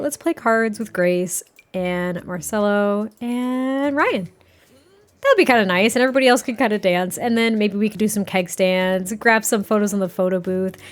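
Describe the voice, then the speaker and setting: A woman hosting a gaming channel, chatting excitably through casual gameplay commentary. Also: mid-range voice. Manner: excitable, chatty, frequent laughs and repeats.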